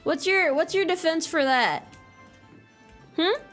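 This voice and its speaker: A woman's voice: very high voice, slow pace, fairly bright tone, faint music behind. A woman streamer giving casual gameplay commentary, playful and teasing.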